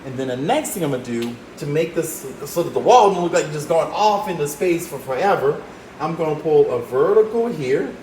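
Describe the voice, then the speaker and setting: A man's voice: fairly high pitch, expressive, brisk, a little mellow, a little hiss or hum. A man teaching a drawing lesson, talking the viewer through each step with encouragement. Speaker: art teacher. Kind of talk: drawing demonstration. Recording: roomy echo, faint ambience.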